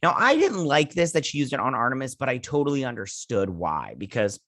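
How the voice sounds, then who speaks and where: A man hosting a show, chatting casually as he recaps and reviews a TV episode and slips into quick voices for the characters. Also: mid-range voice, sing-song, fairly bright tone, dry recording, studio quality. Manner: retells scenes with quick offhand impressions; chatty with frequent fillers. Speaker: show host.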